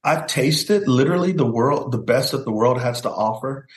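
A man's voice: medium pitch, animated, moderate pace, roomy sound. A middle-aged man, a pastor and guest, telling a personal testimony in an earnest storytelling way and acting out the voices he quotes. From United States.

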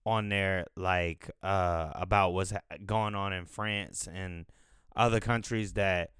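A man from the United States rambling through casual commentary, thinking aloud and swearing freely. His voice is smooth and resonant, and he takes his time with each thought. The sound is close and dry, with no room echo. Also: sits low, fairly even intonation, slow pace, a bit bright. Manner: loose, profane, thinking aloud. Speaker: podcast host.

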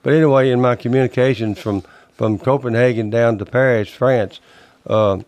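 A man, telling his memories in a folksy, halting way as an interview guest. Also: medium pitch, fairly even intonation, darkish tone. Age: 80s. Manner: plainspoken, folksy, halting storyteller. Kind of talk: recounting personal memories.

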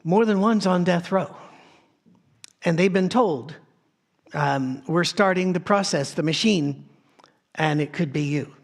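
A male pastor delivers a sermon from a soundstage in a slightly higher-than-usual voice. He preaches conversationally, as if telling a story to friends, and often circles back to restart a phrase. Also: measured pace, vocal fry, pauses often.

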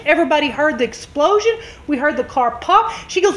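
A woman preaching a sermon, telling a story with lively drama and acted-out shouts. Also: extremely high pitch, normal speed, a little hiss or hum.

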